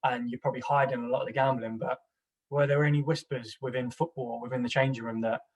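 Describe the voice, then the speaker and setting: Fast, husky male host far from mic. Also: medium pitch, steady tone. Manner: probing, rambling questions. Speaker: podcast co-host. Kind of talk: interview questioning. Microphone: video call. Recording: distant, off-mic video call.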